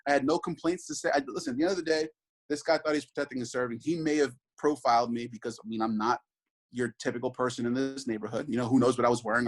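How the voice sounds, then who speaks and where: A man's voice: mid-range voice, poor audio. A man in his thirties, a father, talking earnestly in an interview, reflective and full of restarts and asides. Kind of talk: conversational interview.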